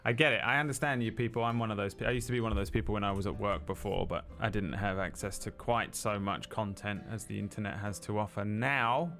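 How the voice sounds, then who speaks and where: A man's voice: fairly low pitch, fast, few pauses, fairly bright tone, faint music behind. Tired, wry man griping along. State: short on sleep. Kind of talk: casual livestream chat.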